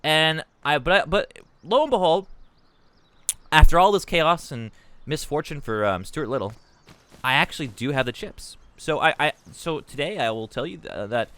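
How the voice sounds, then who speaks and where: A man streaming a game and telling a long, rambling, profane comic story with animated asides. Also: mid-range voice, moderate pace, smooth.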